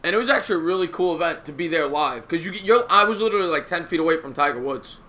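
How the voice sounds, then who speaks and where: A man's voice: fairly high pitch, expressive, fast, pushed and bright. A man hosting a live stream, chatting casually in a rambling way with frequent laughs. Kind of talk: casual chat.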